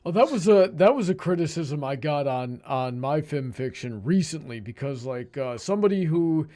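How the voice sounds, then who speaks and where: A man's voice: a little high, animated, moderate pace, dark tone. A man hosting a casual panel discussion, talking hesitantly with many restarts. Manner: hesitant, lots of restarts and fillers.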